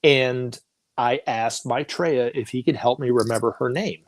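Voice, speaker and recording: A man's voice: medium pitch, measured pace, no room sound. A man talking as a guest on a talk show, telling stories casually and acting out the voices of the people in them, laughing often.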